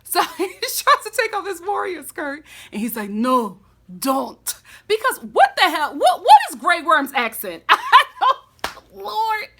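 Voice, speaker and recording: A woman giving a casual, animated and sassy recap of a TV episode, full of dramatic reactions. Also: extremely high pitch, normal speed, few pauses. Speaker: recap vlogger.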